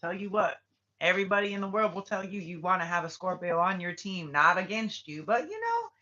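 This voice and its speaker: Spiritual reading vlogger: blunt, profane and heated, with a forceful edge and a dull lo-fi sound. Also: mid-range voice, very animated, a little fast. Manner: repeats questions in heated bursts. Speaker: spiritual tarot reader. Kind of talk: casual spiritual reading vlog.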